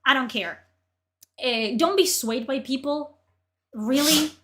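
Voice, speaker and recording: High-voiced woman ranting, voice strained. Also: takes it slowly, a bit bright, a little hiss or hum. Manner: profane, exasperated ranting. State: strained voice from yelling. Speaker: streamer. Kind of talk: ranting livestream commentary.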